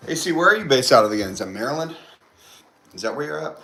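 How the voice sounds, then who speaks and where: A man's voice: mid-range voice, expressive, fast, sharp tone, faint music behind. A young man hosts a casual livestream from home. He reads viewer comments aloud, banters with them and often repeats his phrases. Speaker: livestream host. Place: indoors at home with a TV on.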